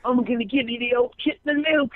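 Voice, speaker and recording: A man's voice: very high-pitched, steady tone, fast, dry recording, narrow, tinny audio, pitched above the performer's own voice. A man voicing a polite London gang member in a mock English accent, making odd threats. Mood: mock-menacing. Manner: comically mild, chirpy.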